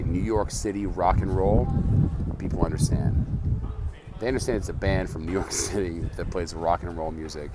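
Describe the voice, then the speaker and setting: Very deep-voiced man with profane stories. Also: background noise. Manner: earnest, profane storytelling. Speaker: band manager. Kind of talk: casual vlog monologue.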